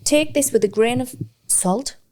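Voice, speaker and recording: A woman's voice: fairly high pitch, measured pace, darkish tone. A tired woman, co-hosting a casual podcast chat, playful and laughing often, stumbling when she reads aloud. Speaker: podcast co-host.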